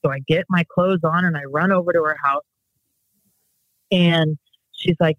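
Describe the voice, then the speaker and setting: A woman's voice: sits low, steady tone, normal speed, no room sound, lo-fi sound. A middle-aged woman on a podcast, telling a family story in earnest and quoting each person's words. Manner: earnest, quotes others in dialogue. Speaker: podcast host. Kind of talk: casual storytelling.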